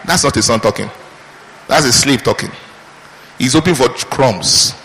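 Animated pastor preaching in a hall. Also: male voice, medium pitch, normal speed, gravelly, a little hiss or hum. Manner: animated preaching with mimicked prayers and rhetorical questions. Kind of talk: sermon. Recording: reverberant hall.

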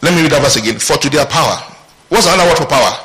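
A man's voice: fairly high pitch, expressive, very fast, a bit bright, rough recording. A male pastor preaching a sermon, reading scripture aloud and asking his congregation questions as he teaches.

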